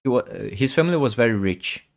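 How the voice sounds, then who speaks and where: A man's voice: medium pitch, expressive, fast, vocal fry. A man, chatting casually on a chess stream, thinking aloud and repeating himself. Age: 40s. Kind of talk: casual live-stream chat.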